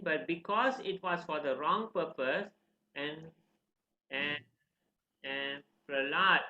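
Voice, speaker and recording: A man teaching a scripture class, telling a story in an animated, conversational way and asking the listeners questions. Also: a little high. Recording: roomy, slightly dull recording.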